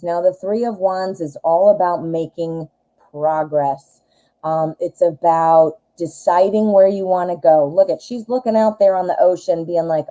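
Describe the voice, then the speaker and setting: A woman's voice: lowish voice, warm tone, poor audio. A woman in her forties with a Midwestern American accent, chatting in a rambling, self-deprecating way while doing a live tarot reading. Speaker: tarot reader.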